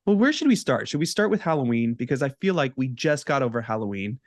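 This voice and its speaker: A man's voice: mid-range voice, big pitch swings, quick pace, no room sound, studio quality. Upbeat chatty man co-hosting a podcast. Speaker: podcast co-host. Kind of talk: casual chat.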